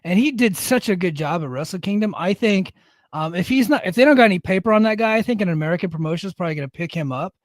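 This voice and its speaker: A man's voice: sits high, lively intonation, fast talker, no echo, studio quality. A man co-hosting a podcast in casual chat, blunt and opinionated, swearing freely. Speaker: podcast co-host.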